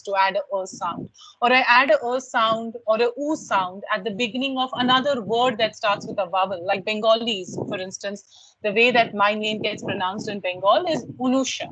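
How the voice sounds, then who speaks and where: A woman's voice: mid-range voice, moderate pace, a bit bright, rough recording. A woman with an Indian English accent giving an online university lecture, explaining points and asking her students rhetorical questions.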